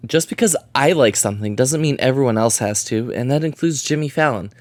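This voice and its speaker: A man's voice: mid-range voice, a little fast, dry recording. A man narrating a commentary video, sarcastic and prone to swearing rants. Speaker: video essayist.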